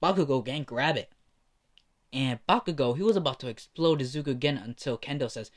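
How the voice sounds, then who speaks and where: A man's voice: medium pitch, brisk. A man casually narrating a fan story, rambling with many fillers and the odd curse. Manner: rambling, full of "you know" fillers and swearing.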